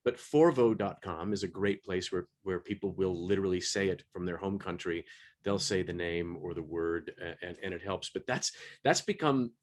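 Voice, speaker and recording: Guy with a lowish voice, narrator and actor chatting on a panel, lots of uhs and restarts. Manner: halting, full of fillers and restarts. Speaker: audiobook narrator and stage actor. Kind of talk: panel discussion.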